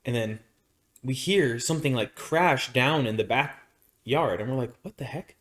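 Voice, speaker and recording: A man's voice: mid-range voice, measured pace. Rambling man telling a podcast story. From Arizona, United States. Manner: rambling, animated storyteller with many restarts and fillers. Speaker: podcast co-host. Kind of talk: casual storytelling chat.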